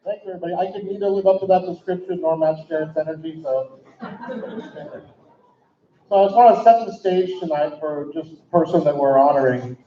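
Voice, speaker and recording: A man's voice: fairly high pitch, brisk. A man acting as master of ceremonies, setting the scene for the guests with dry, self-deprecating humor. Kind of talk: event speech with storytelling. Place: indoor event hall. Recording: echoey, dull hall recording.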